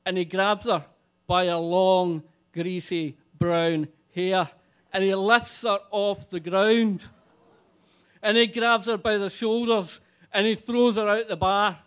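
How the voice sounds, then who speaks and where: Man, high voice, unhurried delivery, live stage story, animated. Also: smooth. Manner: animated, swearing, comic.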